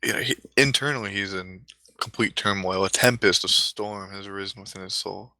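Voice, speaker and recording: A man's voice: low-pitched, steady tone, a little fast, bright, forceful tone, no room sound, rough recording. A man narrating a mock-epic comedic story in a rambling, mock-solemn way, often correcting himself.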